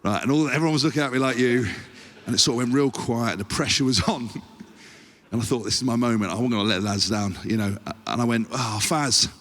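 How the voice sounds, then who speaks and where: A man's voice: mid-range voice, quick pace, in a large hall. An English man hosting a podcast on stage, telling a rowdy, sweary story and mimicking other people as he goes. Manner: animated storyteller, heavy swearing, acts out other people's voices. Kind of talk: live comedic anecdote. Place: live show in a large venue.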